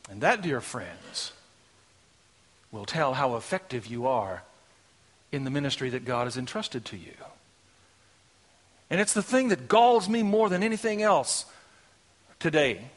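A man preaching a sermon, shifting between hushed, intimate lines and loud, emphatic declarations. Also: medium pitch, expressive, measured pace, long pauses.

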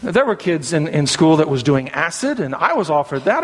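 High-voiced Southern preacher in a reverberant sanctuary. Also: male voice, big pitch swings, moderate pace, hardly any pauses. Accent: Southern American. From American South. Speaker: pastor. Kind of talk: sermon. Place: church sanctuary.

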